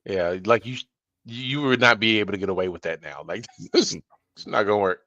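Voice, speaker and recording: A man's voice: lowish voice, a little fast, sharp tone, dry recording, muffled recording. A man co-hosting a podcast, chatting casually and rambling with fillers. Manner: laid-back, rambling with fillers. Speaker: podcast co-host. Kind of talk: casual chat.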